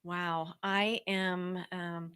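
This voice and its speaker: A woman's voice: fairly low pitch, flat delivery, very slow, a bit bright, smooth. A woman guesting on a radio show, speaking earnestly and from the heart. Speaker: podcast co-host, guest. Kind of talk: casual interview chat.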